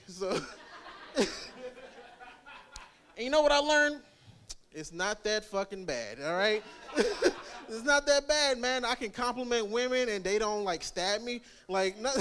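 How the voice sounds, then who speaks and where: A man's voice: high voice, fairly bright tone. A young man doing rambling, crude stand-up at an open mic, laughing at his own jokes. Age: young adult. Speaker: stand-up comic.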